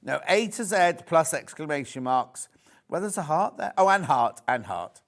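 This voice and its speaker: A man's voice: fairly high pitch, sing-song, normal speed. A man presenting a live shopping channel show from a studio, chatty and jokey, selling fabrics and reading out viewer messages. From United Kingdom.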